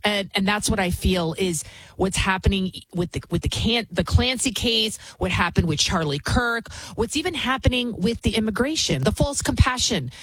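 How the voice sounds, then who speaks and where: A woman's voice: medium pitch, expressive, normal speed, a bit bright, slightly rough, no room sound, low-quality recording. A woman hosting a political commentary show, talking in an indignant, scornful way with many restarts. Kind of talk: opinionated commentary monologue.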